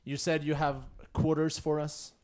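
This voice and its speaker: A man voicing a weary woman who leads a fire cult in a tabletop game, speaking in a tired, measured way. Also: a little high, flat delivery, darkish tone, natural voice.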